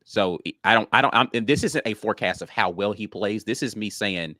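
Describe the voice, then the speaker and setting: A man's voice: on the low side, brisk, sharp tone, no echo, studio quality. A man co-hosting a sports podcast in a confident, emphatic casual way, calling people "bro.".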